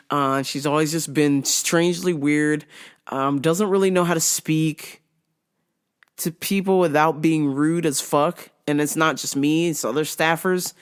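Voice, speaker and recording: A woman telling blunt, profane work stories on her show, laughing often. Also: deep voice. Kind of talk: casual storytelling rant.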